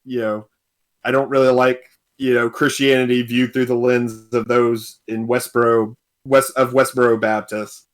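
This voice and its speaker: A man's voice: mid-range voice, little pitch movement, normal speed. A young man, a guest on a casual podcast, telling a story with frequent laughs.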